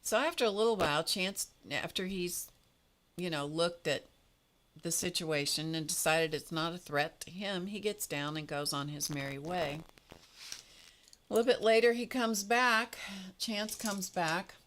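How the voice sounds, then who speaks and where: A woman's voice: lowish voice, measured pace, a bit bright, a little hiss or hum. A woman hosting an art livestream, chatting casually in a rambling, storytelling way with small laughs as she paints. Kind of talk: casual chat while painting.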